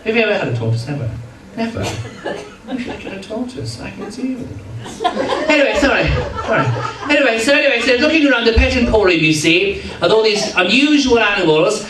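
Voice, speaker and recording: A man's voice: high-pitched, sing-song, fast, noisy background. An English man telling a comic story to a live audience, chatty and teasing, playfully pompous, recorded from a distance in a hall. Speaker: comedy entertainer. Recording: echoey hall from far off, crowd.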